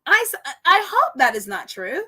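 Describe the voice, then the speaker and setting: A woman's voice: high-pitched, very animated, moderate pace, bright, forceful tone. A woman with a Caribbean accent hosting a live stream, chatting casually and reading viewer comments aloud with frequent laughter.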